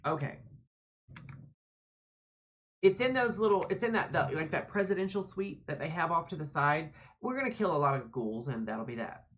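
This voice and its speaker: Low-voiced woman streamer, sassy and rambling with plenty of swearing, slightly dull mic sound. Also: lively intonation, normal speed, pauses often. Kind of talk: casual gameplay commentary.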